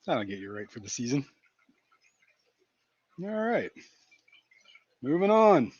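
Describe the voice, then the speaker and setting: A man's voice: medium pitch, very animated, slow pace, darkish tone, dry recording. Brief: male stream host, giggly and loose, dry, muffled lo-fi audio. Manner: giggly, keeps cracking himself up. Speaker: fishkeeping livestream host. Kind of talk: casual live-stream chat. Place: indoor fish room.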